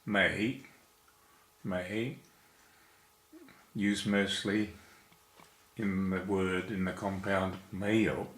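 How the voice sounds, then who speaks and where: This low-pitched man speaks slowly with a flat delivery as he teaches Chinese characters, counting each stroke aloud step by step. The recording has an echoey room sound.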